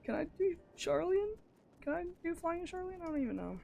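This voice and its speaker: A woman's voice: very high voice, sing-song, fairly quick, vocal fry, dark tone, soft background music. An American woman chatting casually and joking at her own expense while live-streaming a game. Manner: chatty, rambling, self-deprecating jokes.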